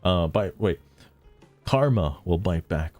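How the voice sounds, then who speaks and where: A man streams casual commentary, reading posts aloud with sarcastic, laughing asides. His voice sits low but swings widely in pitch. Faint music plays quietly behind him. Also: expressive, slow pace.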